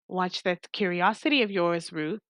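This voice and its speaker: A woman's voice: fairly low pitch, normal speed, fairly bright tone, no room sound, lightly acted. Woman reading as a stern old baker woman with a warning. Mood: ominous. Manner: ominous and warning. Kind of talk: reading a visual novel aloud.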